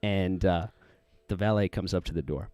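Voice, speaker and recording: A man's voice: sits low, normal speed, a little mellow, dry recording. A man co-hosting a podcast, casually telling a rambling story, laughing often and acting out the people in it. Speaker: podcast co-host.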